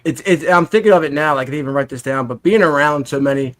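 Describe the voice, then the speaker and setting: Rambling, slightly high podcast host. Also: male voice, fast. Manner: rambling questions, says "dude" a lot. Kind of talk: casual chat.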